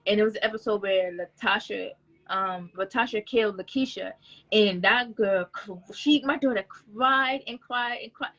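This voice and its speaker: A woman's voice: mid-range voice, normal speed, a bit bright. A woman guest on a podcast in casual conversation, chatting freely and acting out what people said. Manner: chatty storyteller, acts out quoted dialogue.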